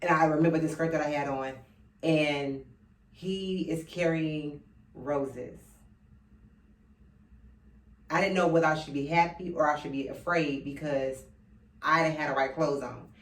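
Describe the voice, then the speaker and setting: A woman in her thirties giving an earnest personal monologue. She speaks straight to her listeners and keeps coming back to the same phrases. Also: sits low. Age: 30s. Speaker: speaker addressing men. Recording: roomy sound from a distant mic.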